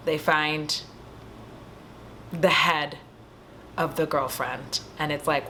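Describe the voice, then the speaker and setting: A woman's voice: low voice, takes it slowly, pauses often, a little hiss or hum. A woman vlogger at home, retelling a horror movie in a casual, profane way with chatty asides to her viewers. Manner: animated, swears freely, chatty asides to viewers.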